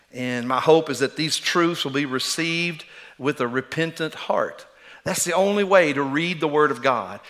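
A middle-aged man delivers a sermon from a church stage, his voice bright and forward. He talks in a folksy, self-deprecating way and often restarts his phrases. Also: mid-range voice. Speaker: preacher. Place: church sanctuary.

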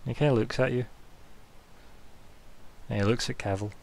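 A man running a tabletop game as game master, at a mid pitch. His narration is casual, loose and filled with "like" and restarts. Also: fairly even intonation, moderate pace, gravelly, darkish tone.

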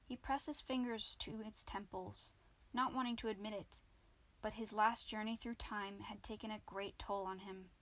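A woman narrating a children's book in an amateur audiobook, reading lively. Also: mid-range voice, normal speed. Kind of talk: children's book read-aloud.

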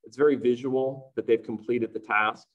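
A man in the middle of an online conference talk for teachers, his voice pitched squarely in the middle. He explains things in a chatty, running way and keeps checking in with "right?". It sounds like a computer mic over a video call. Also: steady tone, normal speed, highs cut off.

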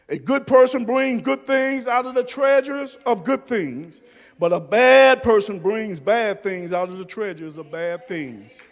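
A pastor preaching a sermon, dropping to soft low murmurs and rising to shouted emphasis. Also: male voice, big-room sound. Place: church sanctuary.

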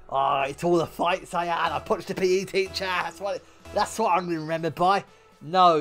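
A young man streaming a game, telling rowdy stories in a casual, swear-heavy way. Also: fairly high pitch. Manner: animated, swears freely, bursts into loud laughter. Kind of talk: casual storytelling while gaming.

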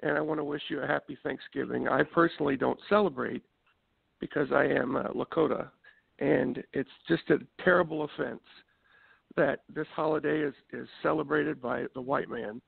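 A man calling in to a show, making an indignant, preachy complaint in a gravelly voice. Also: on the high side, steady tone, moderate pace, no room sound. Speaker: caller. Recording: tinny phone line.

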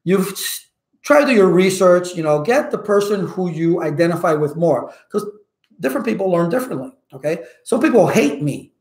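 A man who teaches IT certifications, giving viewers loud, emphatic advice in a casual way and often checking in with "okay?". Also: sits high, expressive, normal speed, echoey room. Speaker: IT certification instructor.

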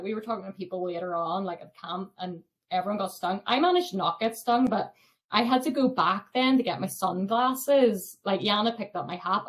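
A young woman guest on a podcast, telling hiking stories in a chatty way, laughing often and full of fillers. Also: medium pitch. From Ireland. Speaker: podcast guest, thru-hiker. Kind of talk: casual storytelling interview.

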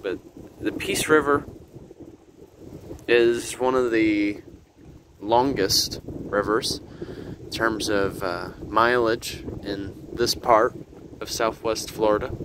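Wind noise rumbles on the handheld camera mic as a male nature vlogger gives a casual, explanatory walking tour outdoors by a river in a windy garden. He speaks loosely, with plenty of fillers.

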